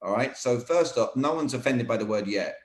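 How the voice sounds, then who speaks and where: A man coaching on sales technique in an energetic, emphatic way, often saying "all right". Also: mid-range voice, fairly quick. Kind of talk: teaching sales techniques in conversation. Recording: roomy echo.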